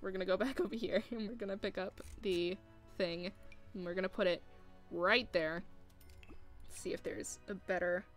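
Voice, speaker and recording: A woman streaming a building game, scolding the furniture in exasperation and laughing often between complaints. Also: lowish voice. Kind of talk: live gameplay commentary.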